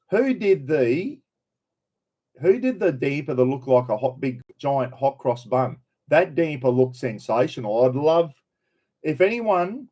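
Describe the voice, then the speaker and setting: A man's voice: a little high, darkish tone. A middle-aged Australian man hosting a casual live stream, chatting loosely, greeting viewers by name and swearing freely.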